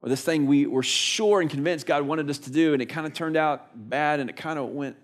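Male pastor, sermon delivery, animated storyteller with a slightly high voice. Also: fairly quick. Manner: animated storytelling, rhetorical questions.

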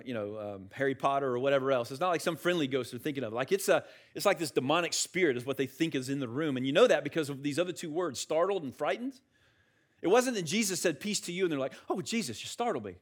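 A man preaching a sermon in a conversational, animated way, asking the listeners questions and acting out the words of biblical figures. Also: mid-range voice. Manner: acts out quotes of biblical figures. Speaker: pastor.

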